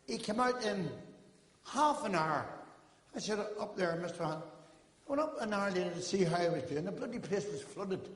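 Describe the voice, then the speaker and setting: Older man, stand-up comedian, quick joke patter, reverberant theatre, long hall echo. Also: sits high, lively intonation. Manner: joke-telling with character quotes, rapid patter. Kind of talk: stand-up routine on stage. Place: live theatre stage with audience. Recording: echoey hall recording, faint ambience.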